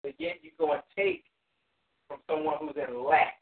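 Male Bible study leader on a call, slightly raised pitch, slow deliberate scripture reading into casual explanation. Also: wildly swooping pitch, vocal fry, distant mic. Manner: reads verses in slow, measured King James phrasing, then explains plainly with fillers. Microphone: phone or call line. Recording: tinny phone line with roomy echo.

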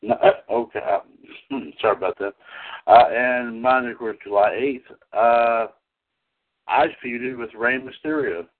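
A man hosting a casual wrestling podcast, talking haltingly with lots of fillers and easy laughs. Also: medium pitch. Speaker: podcast host. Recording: tinny phone-line sound.

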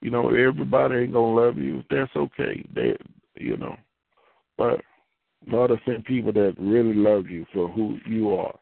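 A man preaches in a loose, repetitive, conversational way that climbs into fervent prayer. His voice sits at a middle pitch. It comes through a dry, tinny, phone-like radio line. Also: expressive, moderate pace, creaky, dry recording. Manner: conversational, repeats phrases, rises into fervent prayer. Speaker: pastor.

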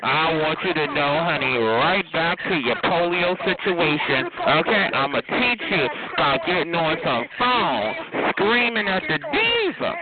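Give me a sassy, flamboyant man trash-talking over a tinny phone line with a loud crowd behind him. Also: fairly high pitch, very animated, unhurried, few pauses. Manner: sassy, flamboyant, calls everyone child and honey. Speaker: caller on a phone party line.

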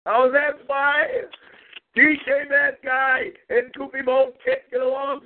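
A man's voice: extremely high pitch, creaky. A man hosting a talk show, ranting profanely, taunting rivals and repeating a catchphrase. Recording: tinny phone-like audio.

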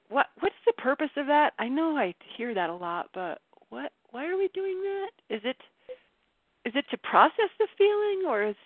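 A woman with a fairly high voice leads a relaxed group coaching call, animated and quick to laugh at herself. The sound is dry and thin, as if over a phone line. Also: dry recording. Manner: animated, laughs often, self-mocking. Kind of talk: casual group coaching chat.

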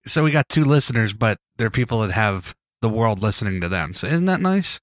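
Speaking fairly quickly and expressively in a fairly low voice, this man hosts a casual podcast while congested from a cold. He steers the conversation with rambling talk and jokes, and he's bossy toward his co-host. The studio recording is clean, with no room sound.

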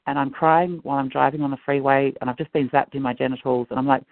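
A man's voice: mid-range voice, steady tone, quick pace, gravelly, few pauses, no room sound. A middle-aged man giving a rambling, earnest, agitated personal account over a phone line. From Australia. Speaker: guest. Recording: dry tinny phone-like line.

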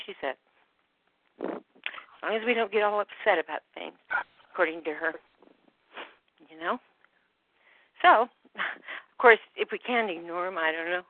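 A woman on a group phone call, slightly out of breath, talking in a halting way that trails off with many fillers. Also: mid-range voice, no room sound. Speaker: call participant. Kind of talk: rambling phone call chat. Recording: dry phone-line audio.

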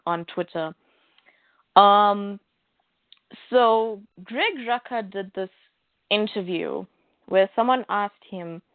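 A woman's voice: mid-range voice, no echo. A woman co-hosting a casual chat about comics, rambling and frank with many fillers. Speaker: podcast co-host. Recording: dry, tinny phone-like line.

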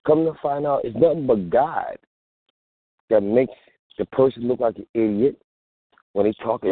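Husky-voiced man preaching over a phone line. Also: medium pitch, moderate pace, long pauses, no room sound. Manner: preachy street-talk, acts out phone calls. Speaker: host. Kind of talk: casual call-in show monologue. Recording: tinny phone-line sound.

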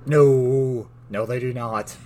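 A man co-hosting a podcast, telling lore stories in a casual chat, animated and laughing often. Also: medium pitch, takes it slowly, slight background noise. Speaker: podcast co-host.

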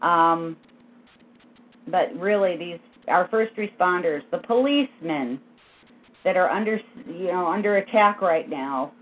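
A woman co-hosting a political history podcast, talking in a halting, earnest way with many restarts. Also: lowish voice. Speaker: podcast co-host. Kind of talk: casual political history chat. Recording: tinny phone line with faint noise.

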